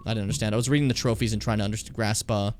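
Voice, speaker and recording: A man's voice: lowish voice, fairly even intonation, rapid-fire, a little mellow, faint music behind. A man streaming a game live, talking casually in a rambling, profane way while he plays.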